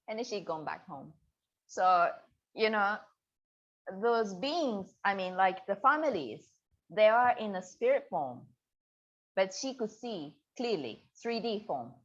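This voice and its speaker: Woman, interview guest, unhurried storytelling, muffled lo-fi audio. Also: medium pitch, animated. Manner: slow, searching, acts out quotes with laughs. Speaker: guest, spiritual practitioner.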